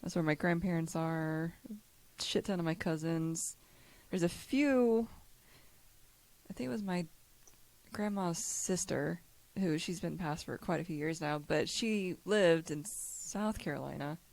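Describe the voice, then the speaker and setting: A woman's voice: fairly low pitch, a little slow, darkish tone. A woman raised in Kentucky, hosting a podcast in a rambling, giggly chat. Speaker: podcast host. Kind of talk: casual chat.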